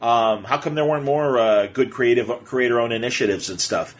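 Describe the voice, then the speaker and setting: A man hosting a podcast, telling stories in a casual, animated way with lots of fillers. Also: mid-range voice, brisk. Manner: animated, excitable storyteller with many fillers. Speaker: podcast host.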